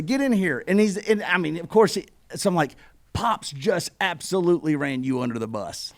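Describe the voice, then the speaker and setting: A man's voice: high-pitched, fairly quick. A man hosting a casual interview podcast, telling a story with lots of "like" and restarts. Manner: lively storyteller with many restarts and "like". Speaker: podcast host.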